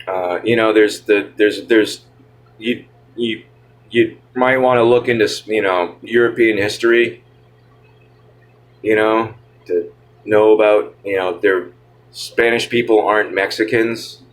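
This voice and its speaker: Male vlogger, nasal tone, a bit low-pitched; casual rambling complaint, lots of restarts. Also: steady tone, unhurried. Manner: rambling, stammering, irritated. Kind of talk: casual rant to camera.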